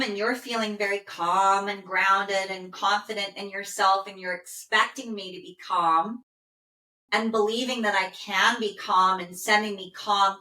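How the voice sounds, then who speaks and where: A woman working as an animal communicator, calmly relaying a dog's messages in first person and pausing often with "okay". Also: medium pitch. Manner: calm, soothing, with frequent "okay" pauses. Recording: roomy echo.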